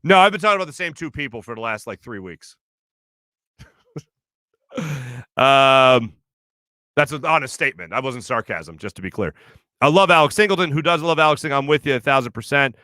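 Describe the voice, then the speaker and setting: A man's voice: medium pitch, animated, a little fast, long pauses, sharp tone, no room sound, studio quality. A man in his thirties hosting a sports show, chatting loosely, laughing often and telling rambling stories. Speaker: sports radio host. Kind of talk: casual chat reading viewer comments. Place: studio.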